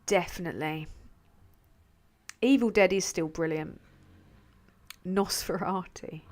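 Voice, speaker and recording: A woman's voice: mid-range voice, measured pace, a bit bright. English woman rambling on a livestream. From England. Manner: swears freely, rambling, laughs often. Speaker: channel host reading live chat. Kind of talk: casual livestream chat.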